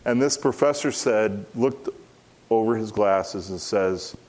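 A man's voice: lowish voice, slow pace, a little mellow. Emphatic middle-aged male preacher. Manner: earnest, emphatic, repeats key phrases. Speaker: pastor. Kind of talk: expository sermon.

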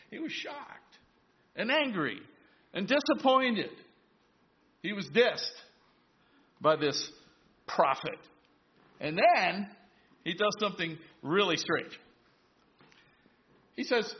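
A high-voiced man preaching a sermon in a church, recorded with a dull, lo-fi sound. He retells a Bible story in a conversational way and stops to ask the congregation questions. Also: expressive, takes it slowly, long pauses. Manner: storytelling, voices biblical characters in asides. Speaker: pastor.

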